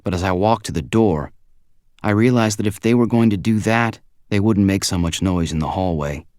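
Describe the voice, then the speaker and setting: Deep-voiced man narrating an audiobook. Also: normal speed, darkish tone, no echo, studio quality. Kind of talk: first-person audiobook narration.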